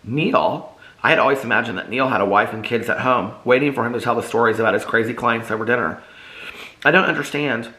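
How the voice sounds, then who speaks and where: A man's voice: mid-range voice, fairly even intonation, rapid-fire, hardly any pauses, sharp tone, reverberant, rough recording. A man reading his own novel aloud in first person, earnest and emotional.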